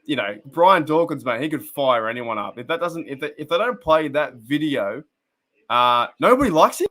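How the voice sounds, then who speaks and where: Young aussie guy rambling on a fan stream, bit high-pitched, chatty. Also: expressive, normal speed, fairly bright tone. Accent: Australian. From Australia. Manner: rambling, chatty, laughs often, greets viewers by name. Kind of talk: casual live-stream chat and game commentary.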